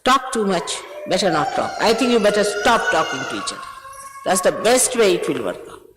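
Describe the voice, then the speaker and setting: A woman gives a spiritual talk, sternly scolding her followers. Her pitch swings widely from phrase to phrase. The recording rings with the long echo of a large hall. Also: very animated, brisk, noisy background. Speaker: spiritual teacher.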